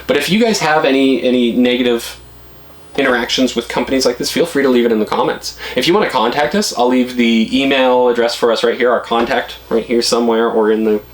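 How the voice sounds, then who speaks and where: Blunt animated man giving advice. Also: brisk, rough recording. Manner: blunt and animated, pitch jumps when worked up. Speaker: vlogger. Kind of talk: casual advice to camera.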